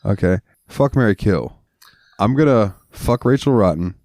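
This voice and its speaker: A man's voice: fairly low pitch, expressive, moderate pace, a little mellow, no room sound, studio quality. A man co-hosting a casual podcast, talking in a laid-back, rambling way and laughing easily. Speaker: podcast co-host. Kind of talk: casual chat.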